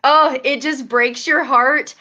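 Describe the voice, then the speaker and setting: Female guest, dog trainer, fairly high voice, earnest and heartfelt casual talk. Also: steady tone, slow, sharp tone, dull audio. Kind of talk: casual chat.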